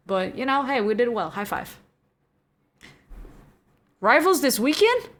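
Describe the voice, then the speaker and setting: A young woman streamer chatting casually with her viewers and reading the chat, giggly and chatty, going from soft to excited. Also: fairly high pitch, takes it slowly, pauses often.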